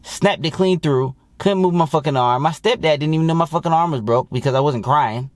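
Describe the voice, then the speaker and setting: A man's voice: a little high, brisk, dry recording. A man working as a dating coach, talking in a blunt, heavily profane, rambling monologue to his viewers. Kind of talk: casual profane monologue to camera.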